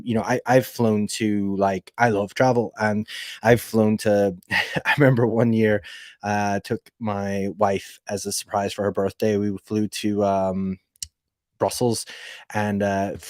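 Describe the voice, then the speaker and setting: A man's voice: fairly low pitch, darkish tone, no echo. Man, Northern Irish accent, casual rambling chat, dry close sound. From Northern Ireland. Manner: rambling, heavy use of "like" fillers. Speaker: podcast guest. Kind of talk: casual conversational storytelling.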